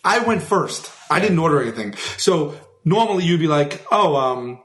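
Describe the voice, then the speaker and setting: A man in his thirties rambles through an anecdote on a casual podcast. His voice sits a bit higher than most men's, and he animates the story by acting out the voices of the people in it. The recording has the roomy echo of an untreated space. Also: big pitch swings, normal speed, a bit bright. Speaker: podcast co-host. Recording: echoey room.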